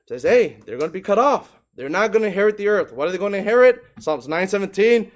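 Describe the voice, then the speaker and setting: Preacher, man, high voice, emphatic sermon delivery, rhetorical questions. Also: lively intonation, fast talker, hardly any pauses.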